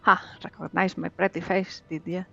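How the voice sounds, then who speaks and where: A woman's voice: on the low side, level tone, moderate pace, creaky, sharp tone, muffled recording, soft background music, heavily acted. A woman doing a sneering pirate villain. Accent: put-on pirate accent. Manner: mocking, menacing. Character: gruff male pirate villain, sneering bully. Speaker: streamer reading game dialogue aloud.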